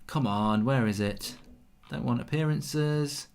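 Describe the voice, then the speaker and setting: A man hosts a live football watchalong, calling the action, cheering goals, and reading viewer comments in casual chat. His mid-range voice is slow, a little mellow, and clean in tone, with some vocal fry.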